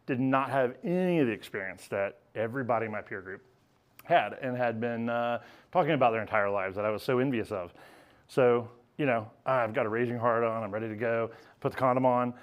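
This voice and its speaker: A man's voice: mid-range voice, a little fast. A man telling a candid, self-mocking personal story on stage at a live storytelling event, laughing as he goes.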